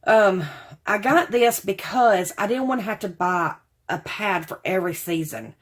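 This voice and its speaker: A woman's voice: mid-range voice, expressive, measured pace. A woman, chatting casually to camera about craft supplies she bought, rambling and calling her viewers y'all. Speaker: craft haul vlogger.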